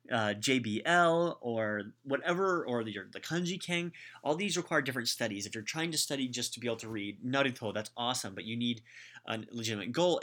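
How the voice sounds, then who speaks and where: Male podcast host, mid-pitched, blunt and opinionated, talks off the cuff and restarts often. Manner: opinionated, animated, frequent restarts. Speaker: Japanese language podcast host. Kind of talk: casual advice monologue.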